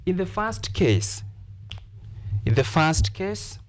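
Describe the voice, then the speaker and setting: In a televised lesson, a man from Kenya speaks in a high, sing-song voice. He takes his explanations slowly, repeats examples, and fills pauses with "uh."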